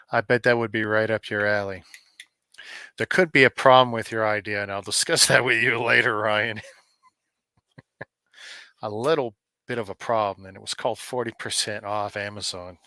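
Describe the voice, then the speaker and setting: Middle-aged man from Canada, joking streamer, bright forward tone, dry close sound. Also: lowish voice, fairly even intonation, normal speed, long pauses, smooth, dry recording. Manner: rambling, joking, chats to viewers by name. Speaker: live streamer opening advent calendars. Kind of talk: casual live-stream chat.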